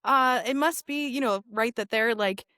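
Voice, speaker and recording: Woman rabbi as a guest: animated and wry, full of asides, higher pitch, dry recording. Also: moderate pace, no echo. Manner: animated, sarcastic, many asides and fillers. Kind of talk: casual conversational interview.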